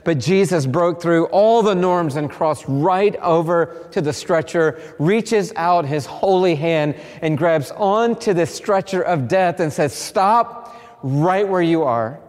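Higher-voiced preacher in a reverberant hall. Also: male voice, a little slow, hardly any pauses, darkish tone. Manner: emphatic storytelling with repeated phrases. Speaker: pastor. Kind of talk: sermon. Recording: long reverb of a large hall.

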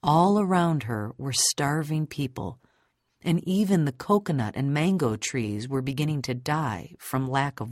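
A woman reading a story aloud as narrator in a measured, steady storytelling manner. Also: deep voice, no room sound, clean studio sound. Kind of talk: audiobook narration.

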